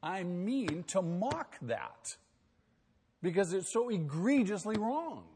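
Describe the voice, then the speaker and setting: A pastor preaching a sermon, emphatic, asking rhetorical questions and swinging between quiet and loud. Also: male voice, high-pitched, big pitch swings, slow pace, long reverb tail, slight background noise.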